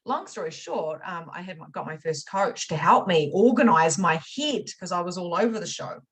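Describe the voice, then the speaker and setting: A woman teaching a spiritual money masterclass. She talks casually and swears, leaping from loud excitement to quiet, confessional asides. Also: on the low side, moderate pace, husky, poor audio. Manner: casual swearing, chatty direct address. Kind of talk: motivational masterclass talk.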